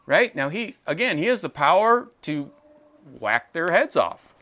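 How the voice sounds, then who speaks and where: A man's voice: fairly high pitch, unhurried. A man preaching a sermon, reading scripture and acting out the voices of its people with feeling. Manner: expressive, acts out voices of the brothers. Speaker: pastor.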